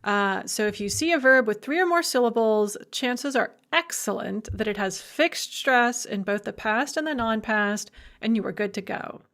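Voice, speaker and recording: A woman language instructor giving a recorded lecture, emphatic and lively, with playful asides. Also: fairly high pitch, normal speed, few pauses.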